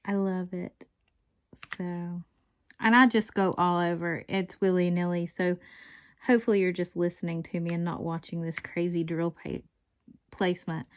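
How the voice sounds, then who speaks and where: A woman's voice: lowish voice, flat delivery, normal speed. A woman casually rambling through a story as she works on a craft at home, breaking into chuckles now and then. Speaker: diamond painting vlogger. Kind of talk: casual chat while crafting.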